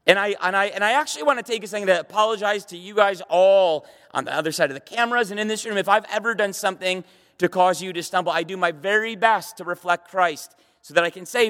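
A middle-aged male pastor with a high voice preaches with emphasis, doubling up words as he goes and firing questions at his listeners. His voice rings out through a church hall with a long reverb tail. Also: fast talker, a bit bright. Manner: emphatic, repeats words, rhetorical questions to the audience. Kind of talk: sermon. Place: church hall with a live audience.

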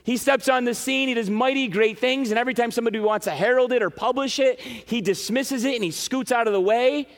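A man preaching a sermon to his congregation in an animated way, with frequent "right?" asides. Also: very high voice, a little fast, vocal fry, hardly any pauses. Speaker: pastor. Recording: reverberant hall.

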